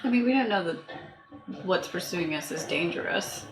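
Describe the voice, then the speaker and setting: A woman playing a tabletop game, chatting and joking quickly with the table. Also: on the low side, animated, roomy sound, rough recording. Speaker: player. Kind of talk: casual chat at a game table.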